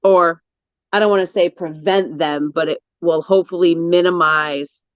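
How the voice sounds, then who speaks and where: A co-host in a casual chat, relaxed, giving practical household tips with frequent short agreements. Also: medium pitch, normal speed, smooth, no echo, dull audio.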